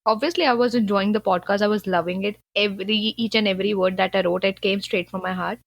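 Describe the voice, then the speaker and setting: A woman from Punjab talks earnestly as a guest on a casual podcast. Her speech is chatty and loose, with a mid-range pitch and a dry, close sound. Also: steady tone, fast, gravelly, no echo, lo-fi sound. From Punjab, India. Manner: earnest, chatty, sprinkles in "like" and "you know". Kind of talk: casual conversational interview.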